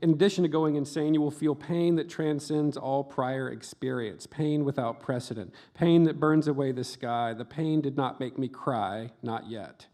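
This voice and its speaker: A middle-aged man reading his own memoir aloud at a book festival, delivering dark comic lines deadpan and breaking off for brief offhand asides. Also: mid-range voice, moderate pace, hardly any pauses. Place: book festival event before an audience.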